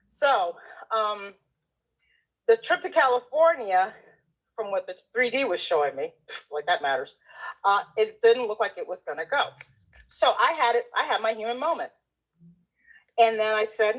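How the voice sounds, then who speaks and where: A woman telling a personal story in casual conversation, animated, laughing often and acting out the voices of the people she quotes. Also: on the high side, normal speed, long pauses, poor audio. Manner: acts out the people she quotes, including herself.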